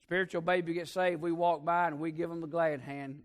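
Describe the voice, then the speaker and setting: A man preaching a sermon as pastor, telling folksy stories and swinging between loud emphatic peaks and hushed asides. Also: fairly high pitch, steady tone, fairly quick, hardly any pauses.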